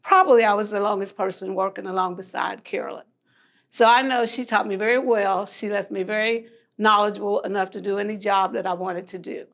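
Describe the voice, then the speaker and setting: Woman doing a memorial tribute, mid pitch, earnest and personal. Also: steady tone, a little fast, a bit bright. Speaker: tribute speaker.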